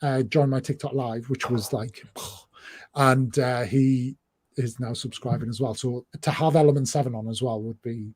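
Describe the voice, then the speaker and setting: A chatty man with a northeast English accent hosts a relaxed livestream conversation. His voice is husky and mellow, and he rambles along, often restarting his sentences. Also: mid-range voice, normal speed. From northeast England. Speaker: host. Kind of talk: casual chat on a livestream.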